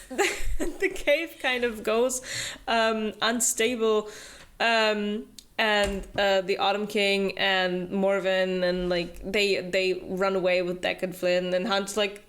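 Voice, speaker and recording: A woman's voice: mid-range voice, little pitch movement, slow, fairly bright tone. Chatty young woman recapping a book. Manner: chatty, filler-heavy, acts out character quotes with laughs. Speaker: book club host summarizing a novel. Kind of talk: casual chat.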